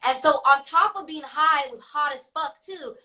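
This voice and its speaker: A woman's voice: sits high, normal speed, sharp tone, poor audio. A young woman rapper chatting as an interview guest, laughing often and filling her talk with "like". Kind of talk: casual interview.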